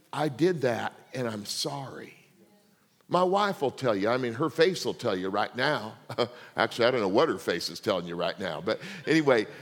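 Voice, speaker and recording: A man's voice: mid-range voice, a bit bright, in a large hall. A middle-aged male pastor giving a conversational sermon, often checking in with the congregation. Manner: conversational preaching, asks the congregation for responses.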